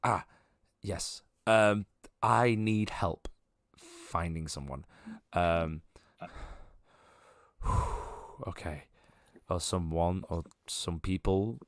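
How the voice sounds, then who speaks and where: A man voicing an excitable young human man who gushes, stammers and gets easily overwhelmed, in a tabletop game. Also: on the low side, no echo, clean studio sound. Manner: breathless, gushing, stammering.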